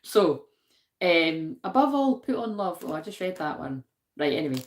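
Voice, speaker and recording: A woman's voice: mid-range voice, animated, normal speed. A woman with a Glaswegian accent hosting a spiritual card-reading live stream in a chatty, self-deprecating way, laughing often and talking back to her viewers. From Scotland. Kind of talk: casual live-stream chat with verse reading.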